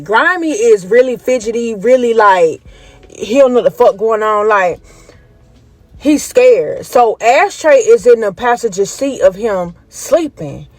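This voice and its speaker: A woman telling a story time, animatedly retelling events and acting out the voices of the people in it. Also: on the high side.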